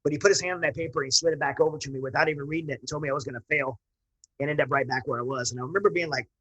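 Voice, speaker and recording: A man's voice: on the high side, fairly even intonation, rapid-fire, fairly bright tone, low-quality recording. A man, a military veteran guest, telling his personal story in an earnest, rambling way with frequent restarts.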